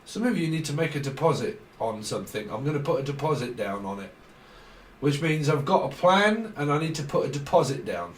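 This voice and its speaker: A man gives a casual tarot reading, drifting from one loose word association to the next and laughing along the way. His voice sits a little high. The sound is roomy and echoey, picked up from a distance. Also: slight background noise. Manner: rambling word association, frequent laughs, trailing restarts. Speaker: tarot reader. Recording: roomy echo, mic at a distance.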